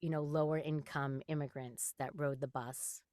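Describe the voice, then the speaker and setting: A middle-aged woman from New York, a voice actress guest chatting in an interview, animated and quick to laugh while acting out quotes. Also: deep voice, no echo, clean studio sound. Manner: animated storyteller, laughs often, acts out quotes. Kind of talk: casual interview chat.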